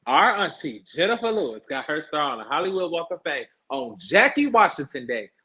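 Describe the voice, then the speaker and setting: Sassy, husky-voiced male gossip host. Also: a little high, moderate pace. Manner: sassy, animated, slangy storytelling. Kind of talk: casual celebrity gossip talk.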